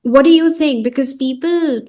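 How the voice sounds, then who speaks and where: Host, woman from India, slightly high voice, hesitant and inquisitive. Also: normal speed, warm tone. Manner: questioning, hesitant, thinking aloud. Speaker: host and interviewer. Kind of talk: conversational interview.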